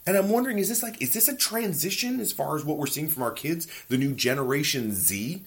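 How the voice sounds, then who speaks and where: Fairly high-pitched, slightly rough and a little fast, this man in his forties hosts a podcast. He delivers a casual, profane, ranting monologue full of animated stories from home.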